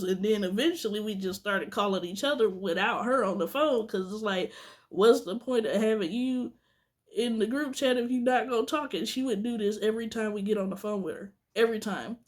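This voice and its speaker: A young woman vlogger telling a storytime rant to her viewers, candid and venting, talking straight to the camera. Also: mid-range voice.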